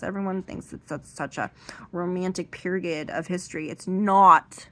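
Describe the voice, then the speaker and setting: A woman's voice: fairly low pitch, fairly even intonation, moderate pace, pushed and bright. A young woman from the United States doing an amateur stand-up monologue, ranting indignantly with some profanity. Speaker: amateur comedian.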